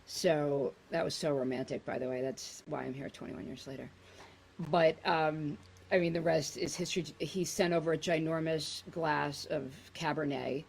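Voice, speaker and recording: A woman's voice: low voice, steady tone, normal speed, vocal fry, darkish tone, slight background noise, rough recording. A woman in her forties, a podcast guest, telling blunt, chatty, self-deprecating stories. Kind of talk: casual comedic storytelling.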